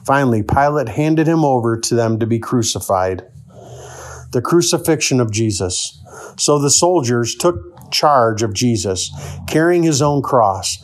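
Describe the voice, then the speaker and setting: Man reading scripture at steady pace. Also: mid-range voice, unhurried. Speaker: scripture reader.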